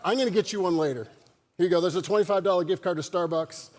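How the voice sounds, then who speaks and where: A man's voice: high voice, fast talker, a little mellow. A man preaching a sermon as pastor, in a conversational style and joking with the congregation. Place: church sanctuary. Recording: long church hall reverb.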